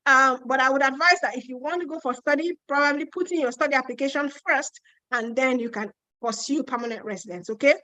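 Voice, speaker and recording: Nigerian woman with a Yoruba accent, live webinar host, high voice, chatty and emphatic, dry close sound. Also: bright, forceful tone, dry recording, low-quality recording. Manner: chatty and emphatic, repeats points, answers questions with quick asides. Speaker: host answering viewer questions. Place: home in Ontario.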